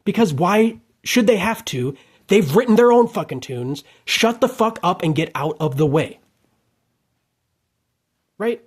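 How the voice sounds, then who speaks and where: A man with a slightly raised pitch and a husky edge, ranting in an unscripted monologue. He swears freely and often jumps into loud, heated outbursts. The delivery stays emphatic and worked up. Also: expressive, measured pace, long pauses. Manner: heated, profane and emphatic, swinging into shouted outbursts.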